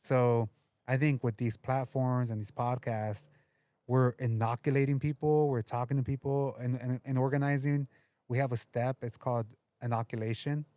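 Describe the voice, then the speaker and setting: A man's voice: mid-range voice, steady tone, normal speed, warm tone, no room sound. A man who organizes for a union, talking earnestly as a podcast guest.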